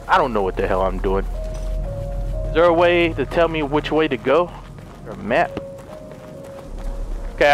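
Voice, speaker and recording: A man giving casual, excitable commentary while playing a horror video game, swearing freely and talking to himself and the characters. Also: a little high. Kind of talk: casual let's play commentary.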